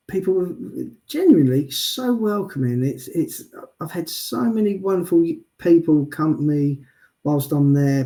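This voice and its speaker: A man telling stories as an interview guest, chatty and deadpan, often adding "I'll be honest with you.". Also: mid-range voice. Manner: self-described sarcastic and deadpan, frequent "I'll be honest with you"; chatty storyteller with many restarts. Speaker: guest, wheelchair athlete. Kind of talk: casual interview chat.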